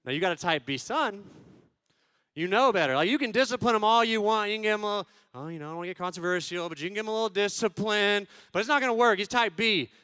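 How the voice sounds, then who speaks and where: A man in his thirties telling funny stories to a conference crowd, acting out quotes and swinging from loud bursts to hushed tones. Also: high voice, fast talker, clear, resonant tone, no room sound. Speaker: conference speaker. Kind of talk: comedic storytelling talk.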